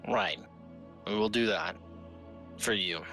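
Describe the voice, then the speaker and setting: A man voicing a reserved, protective father who speaks in a solemn, measured way. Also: fairly low pitch, pushed and bright, faint music behind, pitched below the performer's own voice.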